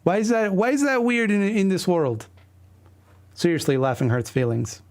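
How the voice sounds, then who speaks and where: A man hosts a stream and reads through his old comic, stopping often to comment. His voice sits on the higher side, and his talk rambles with self-mocking asides and plenty of restarts. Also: normal speed, a little mellow. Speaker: streamer host. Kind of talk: casual commentary while reading a comic aloud.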